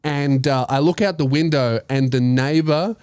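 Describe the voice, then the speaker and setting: Casting: high-pitched man, lively comic storyteller, swears freely. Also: normal speed, smooth, no echo. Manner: animated, swearing, laughing, acting out voices. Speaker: comedian host telling a story. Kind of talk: casual podcast storytelling.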